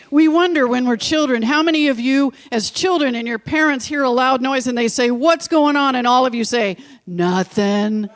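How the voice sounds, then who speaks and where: A woman minister preaching to her congregation in a church. She tells stories and drives points home through slow, deliberate repetition. She breaks off for chatty, informal asides to the room. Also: high voice. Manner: storytelling with slow, emphatic repetitions. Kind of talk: sermon. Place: church sanctuary.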